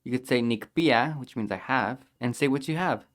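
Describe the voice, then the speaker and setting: A man teaching a language lesson, patiently repeating each phrase slowly and clearly for learners to copy. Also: medium pitch.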